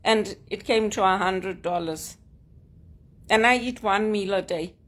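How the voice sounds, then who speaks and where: A woman's voice: medium pitch, measured pace, a bit bright. A woman vlogging at home, talking frankly and with grievance in short emphatic statements. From Zimbabwe. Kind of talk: personal vlog monologue. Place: at home, sitting on a couch.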